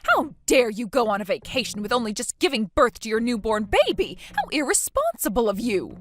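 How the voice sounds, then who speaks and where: A woman's voice: on the high side, sing-song, a little fast. Angry accusing friend lady, synthetic woman reading, swoopy voice, light music behind. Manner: scolding, demanding questions.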